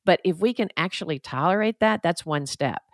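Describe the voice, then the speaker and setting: A woman's voice: fairly low pitch, expressive, a little fast, dry recording, studio quality. A woman therapist co-hosting a podcast, explaining in an earnest, reflective, conversational way. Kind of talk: casual conversational advice.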